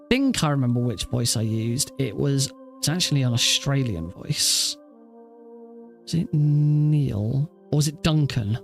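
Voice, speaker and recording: A man streaming a speedrun who chats casually, thinks aloud and often restarts his sentences. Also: medium pitch. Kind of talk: casual live-stream chat.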